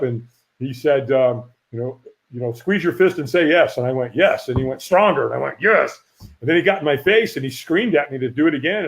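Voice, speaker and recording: A middle-aged man who teaches firewalking tells a lively story in a casual interview, acting out the voices of the people he quotes. His voice is a little high, and the lo-fi audio sounds dull.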